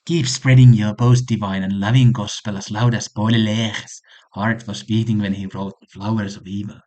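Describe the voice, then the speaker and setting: A man putting on a lovesick Frenchman with an exaggerated French accent, reciting flowery declarations slowly and breathily. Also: lowish voice, flat delivery, a little mellow, natural voice. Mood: swooning. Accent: put-on French accent. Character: gushing lovesick Frenchman reciting love letters.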